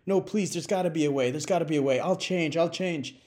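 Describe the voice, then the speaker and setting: A man voicing a drunk husband turned chicken, talking high, excited and stammering. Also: normal speed. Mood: pleading. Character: man reborn as a panicky chicken.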